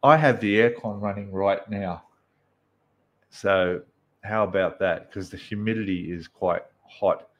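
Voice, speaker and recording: A man's voice: on the low side, measured pace, fairly bright tone. A man with an Australian accent hosting a casual live stream from his apartment, greeting viewers by name and chatting with plenty of fillers. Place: apartment room indoors.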